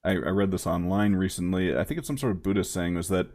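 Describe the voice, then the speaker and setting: A man's voice: low voice, animated, fast talker, a little mellow. A man hosting a sports podcast, musing reflectively and asking his guest questions. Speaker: podcast host. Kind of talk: casual podcast interview.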